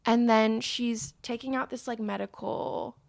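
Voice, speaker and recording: A woman's voice: on the high side, a little slow, vocal fry, dry recording, clean studio sound. A young woman co-hosting a podcast, casually retelling a film scene by scene with acted-out quotes and heated swearing. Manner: animated storytelling, acts out quotes, swears when upset. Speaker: podcast co-host. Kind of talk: casual film recap chat.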